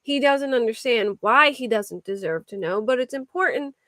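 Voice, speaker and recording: A woman's voice: on the high side, lively intonation, normal speed, bright, forceful tone, no room sound, studio quality. A woman hosting a true crime livestream, chatting casually with viewers in a rambling way, full of restarts. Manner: rambling, restarts and filler words. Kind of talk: casual chat reacting to viewer comments.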